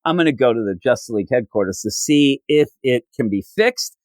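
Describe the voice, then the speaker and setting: A man putting on an earnest teenage half-robot hero from a cartoon comic, speaking a little lower and flatly to the point. The delivery stays plain and matter-of-fact. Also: a little fast, no room sound, close to an everyday voice.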